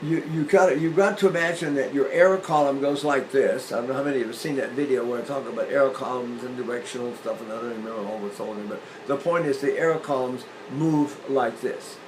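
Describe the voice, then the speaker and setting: An older man teaching singing, explaining breathing with lively demonstrations, often repeating and restarting phrases. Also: medium pitch, fast, few pauses, noisy background. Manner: animated, illustrating points with sung demonstrations. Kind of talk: demonstrative vocal lesson.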